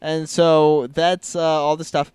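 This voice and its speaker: A man co-hosting a podcast, casually retelling a film plot and slipping into quick quoted voices. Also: on the high side, flat delivery, a little mellow, clean tone, no echo, clean studio sound. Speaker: podcast co-host recapping a film. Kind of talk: casual chat.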